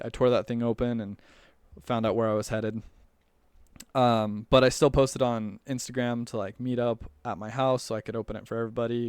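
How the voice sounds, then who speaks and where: A young man tells a personal story in a loose, rambling way, full of fillers and restarts. His voice sits at a middle pitch and comes through smooth and clear. The sound is dry and close. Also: darkish tone, no echo. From United States. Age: young adult. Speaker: returned missionary telling his story.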